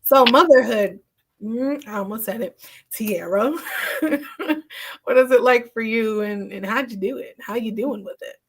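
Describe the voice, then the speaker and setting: A woman's voice: on the high side, measured pace, husky. A young woman hosting a podcast, casual and affirming toward her guest. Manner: supportive, affirming, frequent back-channel. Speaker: podcast host. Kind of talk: casual chat.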